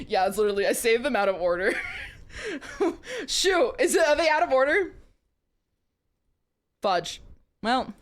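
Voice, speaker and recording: A young woman with a high, very lively voice reads spicy fiction aloud to her stream. She keeps breaking off to giggle and say sorry, and her pitch swoops up and down as she goes.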